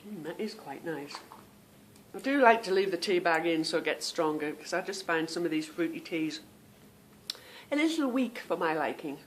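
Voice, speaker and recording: A woman's voice: lowish voice, animated, normal speed, slight background noise. A woman hosting a podcast, chatting casually at home and calling her listeners "girl" and "girlies". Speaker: podcast host. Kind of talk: casual chat.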